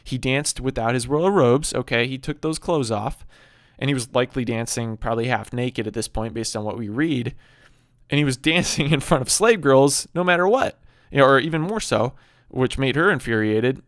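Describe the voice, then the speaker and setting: A man's voice: medium pitch, moderate pace, no echo, studio quality. Male commentator, preachy and emphatic, repeats his points, ordinary mid-range voice. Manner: emphatic, rhetorical questions, repeats phrases. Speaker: video commentator on Bible stories. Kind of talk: preachy monologue.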